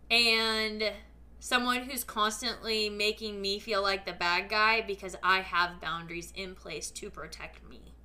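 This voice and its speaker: Speaking to her podcast audience, this woman delivers an earnest, emphatic faith-based pep talk in a loose, casual way full of fillers. Her mid-range voice sounds pushed and bright.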